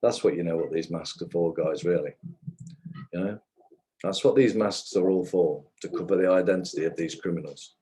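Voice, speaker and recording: A man's voice: low voice, normal speed, dark tone, poor audio. A man giving indignant, ranting commentary on a livestream, swearing as he goes.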